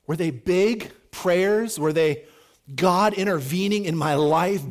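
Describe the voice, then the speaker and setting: Preacher guy giving a sermon, kinda high voice, really animated, acts out the characters. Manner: animated, acts out quoted voices with big swings in pitch and volume. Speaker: pastor.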